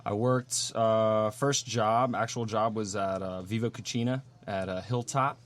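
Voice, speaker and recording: Low-voiced man guest, relaxed. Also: unhurried. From California and Hawaii. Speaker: guest, restaurant manager. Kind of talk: casual podcast chat.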